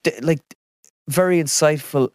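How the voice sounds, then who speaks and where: A young Irish man chatting casually on a podcast, self-mocking and quick to laugh. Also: on the high side, darkish tone, no echo. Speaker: guest impressionist.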